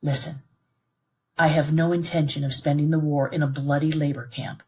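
A woman's voice: low-pitched, flat delivery, moderate pace, a little mellow, close to an everyday voice. A woman reading aloud who voices a protective middle-aged father, talking earnestly and reassuringly to his son. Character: protective British plantation father, middle-aged man, steady. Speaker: read-aloud narrator voicing a character.

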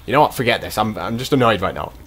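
A man's voice: fairly low pitch, lively intonation, fast talker, fairly bright tone. A man commentating his own gameplay, exclaiming and muttering to himself in bursts. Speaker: gameplay streamer.

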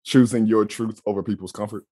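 Laid-back low-voiced man. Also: fairly quick. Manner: relaxed, reflective, chuckles, many restarts. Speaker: podcast co-host. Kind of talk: casual podcast chat.

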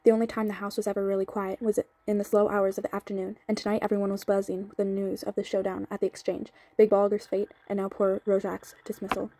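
A woman reading a novel aloud in a steady, even way, with a few slips and restarts, on sped-up audio. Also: mid-range voice, no echo. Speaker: audiobook reader.

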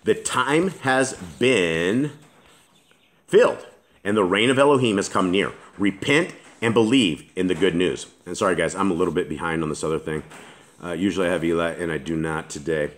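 A man's voice: deep voice, normal speed. A man reading scripture aloud and commenting on it as a Bible teacher, earnest and emphatic, often restarting his sentences.

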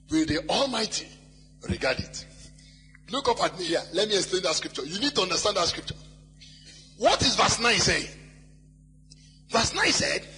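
A male pastor preaching a sermon, reading scripture slowly and shouting key phrases, at times mimicking wailing worshippers in a sing-song cry. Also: very high voice. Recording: live hall with long reverb and faint music.

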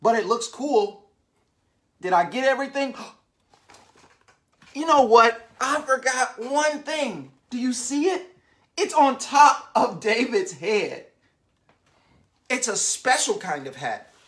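A woman reading a picture book aloud to young children, animated and constantly asking the listeners questions. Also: a little high, slow pace.

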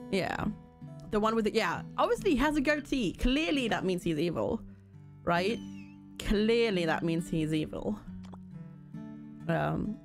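A woman streaming a game, chatting casually and giggling as she answers her viewers. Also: medium pitch. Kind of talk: casual live-stream chat.

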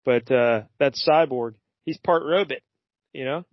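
A man's voice: mid-range voice, unhurried, no echo, lo-fi sound. A man co-hosting a podcast, chatting casually and rambling with lots of fillers about a comic. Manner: laid-back, rambling with many fillers. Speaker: podcast co-host. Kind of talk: casual chat recapping a comic.

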